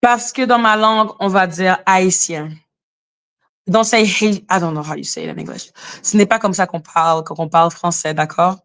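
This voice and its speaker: A woman's voice: on the low side, fast talker, fairly bright tone. Exasperated woman ranting, a native French speaker. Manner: exasperated, profane, repetitive, lecturing. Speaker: live streamer. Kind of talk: heated casual rant.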